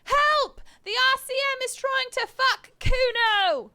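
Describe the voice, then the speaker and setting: A woman voicing a taunting, bratty young boy in a game, screeching and yelling at high volume. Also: measured pace, dry recording, full character voice.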